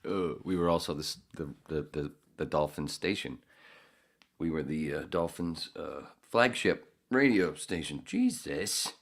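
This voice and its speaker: A man hosting a podcast in a rambling, profane casual monologue, now and then jumping into loud high voices. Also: lively intonation, unhurried. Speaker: podcast host.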